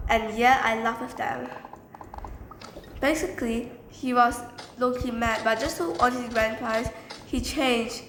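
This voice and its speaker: A woman's voice: fairly high pitch, unhurried, fairly bright tone. A woman telling a story from her time as a teacher, rambling casually and leaning on filler words. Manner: rambling, repeats filler phrases. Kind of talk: storytime narration. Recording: echoey room with faint background noise.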